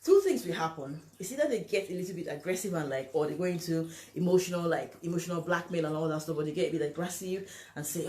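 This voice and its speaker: A woman's voice: on the low side, quick pace, few pauses, dark tone. A woman talking to camera and giving relationship advice, speaking emphatically and acting out the lines other people say. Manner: emphatic, acts out quoted lines, asks "you understand?". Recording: echoey room.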